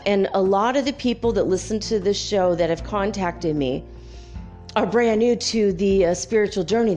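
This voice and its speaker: A woman's voice: fairly low pitch, mellow. Chatty woman with faint music behind. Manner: chatty, rambling, many fillers and laughs. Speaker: podcast host. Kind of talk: casual spiritual podcast monologue.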